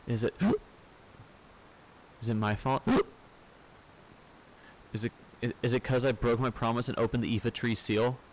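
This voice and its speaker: A man's voice: medium pitch, little pitch movement, normal speed, pauses often, natural voice, rough recording. A man voicing a spirited little summoner girl who insists she is grown-up, reading the game's dialogue aloud. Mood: earnest.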